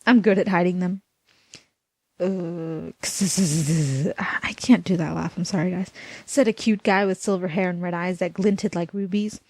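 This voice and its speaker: A woman's voice: fairly low pitch, fairly even intonation, a little fast, a little mellow. Woman mocking a fan fiction aloud. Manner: mocking, breaks off to laugh and comment. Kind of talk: comic fan fiction reading.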